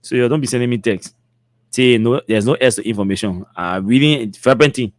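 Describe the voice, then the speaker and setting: A man's voice: mid-range voice, brisk, no room sound. A man with a Liberian English accent hosting a talk show, reading out social media comments with mocking asides and laughter. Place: studio.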